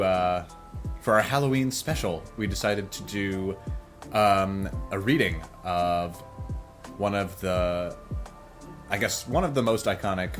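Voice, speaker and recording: A young man co-hosting a podcast in casual chat, halting and full of restarts. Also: lowish voice. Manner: halting, many fillers and restarts. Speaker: podcast co-host.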